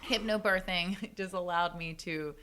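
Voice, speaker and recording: Woman, thirties, casual podcast chat, animated storytelling, lowish voice, lots of "like". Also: measured pace, a little hiss or hum. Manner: animated, excited storytelling with frequent "like". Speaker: guest.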